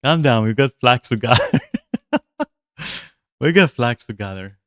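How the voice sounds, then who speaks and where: Male streamer, mid-pitched, rambling profane commentary, dry close sound. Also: animated, a little slow, fairly bright tone, dry recording. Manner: rambling, profane, with frequent fillers. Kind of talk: casual gameplay commentary.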